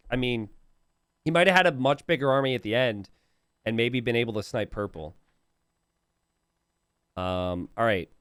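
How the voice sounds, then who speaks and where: Giggly animated man on a stream. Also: medium pitch, smooth, dry recording, studio quality. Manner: giggly, animated, laughs often mid-sentence; chatty, teasing, self-correcting. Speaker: game caster and streamer. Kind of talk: casual stream chat reacting to viewer memes.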